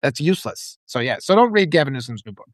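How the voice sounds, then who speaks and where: A man's voice: medium pitch, big pitch swings, fast, no echo, studio quality. Fired-up man ranting, profane. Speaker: political livestream host. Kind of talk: casual livestream chat reading comments.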